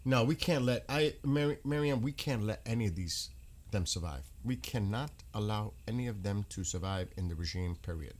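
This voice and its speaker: A man's voice: on the low side, animated, normal speed. Indignant man commenting on the news. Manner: indignant, fires off rhetorical questions. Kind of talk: casual live commentary on news clips.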